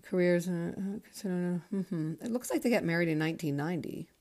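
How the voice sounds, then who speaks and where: With a lowish, slightly mellow voice and a slightly fast delivery, a tired woman in her fifties hosts a podcast of spoken memoir. The New Englander from Connecticut rambles and thinks aloud, swearing as she goes.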